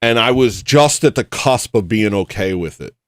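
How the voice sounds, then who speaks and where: Rambling, self-mocking man, low voice. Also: lively intonation, moderate pace, dry recording, studio quality. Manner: rambling, self-deprecating storytelling. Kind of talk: casual chat while gaming.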